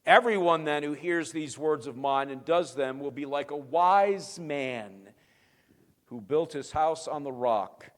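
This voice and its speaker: A male pastor giving an emphatic sermon, swinging between quiet and loud and answering his own rhetorical questions. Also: on the high side, measured pace, long reverb tail.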